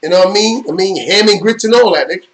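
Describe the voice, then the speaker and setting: A middle-aged man from New York spins a lengthy jail tale on his stream in casual, unscripted fashion, speaking quickly in a voice high for a man. He drifts through loose street slang and keeps asking "you know what I mean," all over heavy background noise.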